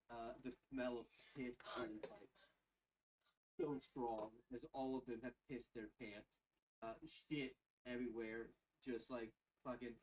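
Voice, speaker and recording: Slow, halting game master man. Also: medium pitch, a little mellow, recorded from a distance, low-quality recording. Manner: slow, halting narration with many fillers. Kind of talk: narrating a tabletop game.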